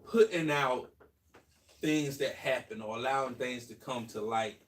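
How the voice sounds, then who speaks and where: A man co-hosting a podcast in casual group chat, giving measured opinions. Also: medium pitch, distant mic. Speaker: podcast co-host.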